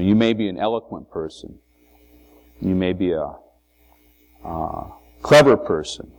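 A man's voice: low voice, a little mellow. A man preaching an informal sermon to a congregation, in a conversational way, with many asides and rhetorical questions. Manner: conversational, frequent "you know" and restarts, rhetorical questions. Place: meeting hall with a congregation.

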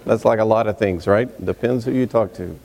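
A man from Texas introducing himself to a congregation as a visiting preacher, relaxed and chatty with many fillers and asides. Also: lowish voice, a little fast, a little hiss or hum. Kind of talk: sermon introduction, casual and folksy. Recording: reverberant hall.

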